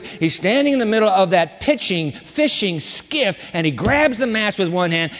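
A man preaching a sermon as a pastor, with an animated, dramatic delivery and shifting volume. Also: high voice. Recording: long hall reverb.

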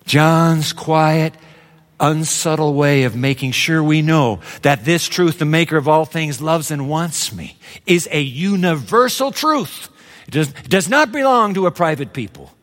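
A man preaching a sermon with dramatic swings from low murmurs to high exclamations. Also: lively intonation, a little slow, a bit bright, in a large hall.

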